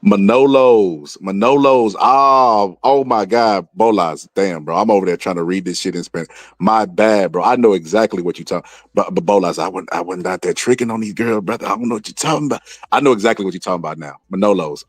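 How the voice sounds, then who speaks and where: A man with a low voice gives streetwise boxing commentary in a dry, close recording. He talks animatedly in casual slang and keeps repeating his phrases. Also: dry recording.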